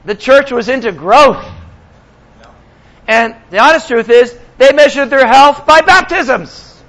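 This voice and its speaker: High-voiced male pastor preaching. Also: lively intonation, slow pace, fairly bright tone, poor audio. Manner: conversational, with sarcastic asides to the congregation. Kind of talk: sermon.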